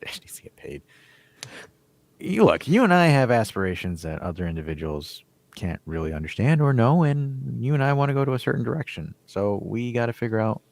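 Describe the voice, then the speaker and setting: A man co-hosting a podcast in casual chat, animated and joking as he jumps between topics. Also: medium pitch, fairly quick, gravelly, dry recording. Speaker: podcast co-host.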